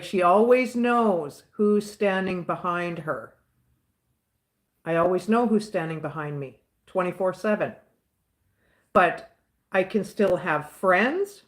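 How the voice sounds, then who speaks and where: This livestream host, a woman from the Southern United States with a Southern accent, answers her chat in a lowish, expressive voice, taking her time and pausing often. She's casual, outspoken, and rambling, frequently repeating herself.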